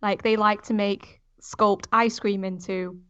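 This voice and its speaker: A woman's voice: mid-range voice, fairly even intonation, a little slow, fairly bright tone, smooth, lo-fi sound. A woman on a video game podcast, explaining something in a casual, slightly puzzled way. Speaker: podcast panelist. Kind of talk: casual chat.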